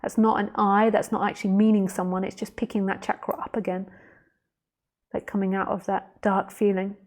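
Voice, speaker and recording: Soft, slow-spoken woman teacher. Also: mid-range voice, flat delivery. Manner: slow, soft and reflective, addressing the listener directly; reads out viewer comments as she goes. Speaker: spiritual teacher. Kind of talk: live-streamed talk answering viewer comments.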